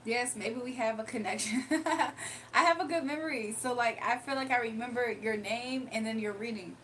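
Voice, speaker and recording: A woman's voice: a little high, moderate pace, a bit bright, a little hiss or hum. Chatty young woman streamer, distant mic. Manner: chatty, laughs often, reads comments aloud. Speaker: livestream host doing readings. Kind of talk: casual livestream chat reading comments.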